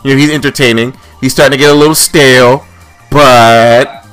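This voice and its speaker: A man's voice: medium pitch, steady tone, normal speed, a bit bright, smooth, soft background music. A man ranting angrily on a casual podcast, swearing often as he complains. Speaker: podcast co-host.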